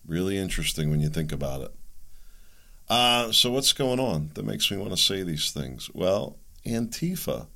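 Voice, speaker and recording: Man, very low gravelly voice, solo commentary host, musing, hedging, thinking out loud. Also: big pitch swings, moderate pace. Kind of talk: political commentary monologue.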